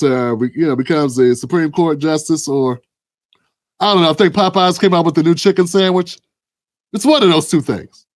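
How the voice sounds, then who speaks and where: Mocking man hosting commentary. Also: high-pitched. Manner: mocking, laughing, rambling asides. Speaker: commentary show host. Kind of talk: casual political commentary.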